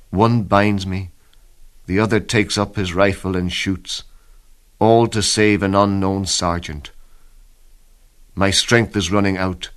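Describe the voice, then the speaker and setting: A man giving a dramatic first-person reading of a soldier's diary in a grave, measured way, often sinking to hushed tones. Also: on the low side. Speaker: diary reader.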